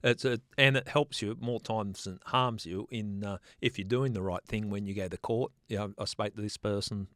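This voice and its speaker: Relaxed, chatty man. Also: on the low side, moderate pace, hardly any pauses, dry recording, studio quality. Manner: relaxed, chatty, laughs easily. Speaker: podcast host, former detective. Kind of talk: casual interview.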